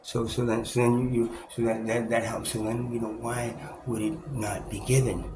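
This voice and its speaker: A man with a mid-range, level voice speaks at a moderate pace in a self-recorded, rambling monologue. The echoey room carries loud background noise as he keeps restarting, cursing, and laughing through impressions of others.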